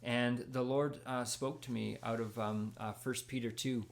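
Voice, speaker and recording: Young man, mid-pitched with some vocal fry, relaxed storyteller sharing his faith testimony. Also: measured pace. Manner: storytelling, acts out dialogue, laughs at himself. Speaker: Christian speaker sharing testimony. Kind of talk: casual spoken testimony.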